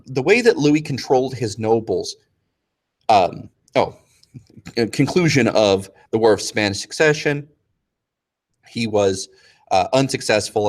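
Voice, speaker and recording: This casual history review is taught by a man with a fairly low-pitched voice who kids around with students. He breaks into fast, slangy impressions of historical figures.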